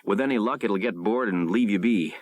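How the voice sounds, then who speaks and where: An actor reading a gruff, blunt sea captain in an audiobook. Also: male voice, lowish voice, brisk, darkish tone, close to an everyday voice. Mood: steady. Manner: blunt, cursing.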